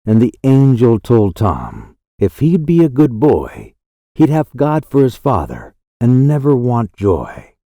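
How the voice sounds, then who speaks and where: A man reading poetry aloud as an audiobook narrator, in a measured recitation. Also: medium pitch, huge pitch swings, dark tone, dry recording, clean studio sound. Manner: slow, measured, lilting recitation.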